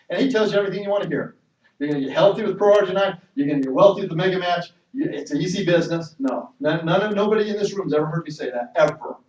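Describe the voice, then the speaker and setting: A man's voice: on the high side, a little mellow. Emphatic man speaking in an echoey room. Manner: emphatic, storytelling, frequent restarts. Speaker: network marketing speaker. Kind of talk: motivational sales talk. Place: meeting room. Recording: echoey hall from far off.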